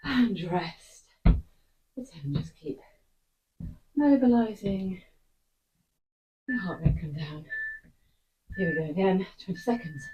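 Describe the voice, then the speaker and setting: A woman's voice: medium pitch, animated, measured pace, pauses often, highs cut off. A woman coaching a workout follow-along, out of breath, giving short encouraging cues between efforts. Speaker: fitness instructor. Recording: voice picked up from a distance.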